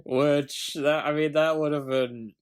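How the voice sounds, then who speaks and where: A man's voice: a little high, fairly even intonation, measured pace, clean tone. A man co-hosting a film review podcast, talking casually and rambling with frequent ums and trailing asides. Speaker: podcast co-host.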